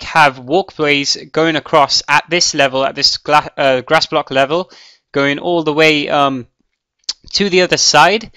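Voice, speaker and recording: Casting note: man with a crisp, fairly high voice, chatty let's-play rambler, thinking aloud, dry close mic. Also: bright, forceful tone, no echo. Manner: rambling, thinks aloud with many ums and restarts. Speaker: Minecraft let's player. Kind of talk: casual gameplay commentary.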